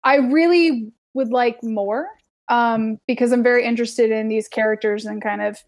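A young woman on a podcast, chatting casually, heavy on filler words and quick to laugh. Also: a little high, fairly even intonation. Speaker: podcast co-host. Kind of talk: casual chat.

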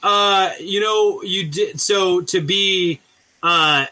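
A man's voice: sits high, very slow, sharp tone. A man who teaches school, co-hosting a casual comics podcast and telling rambling stories. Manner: rambling storyteller, acts out quotes. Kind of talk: casual chat.

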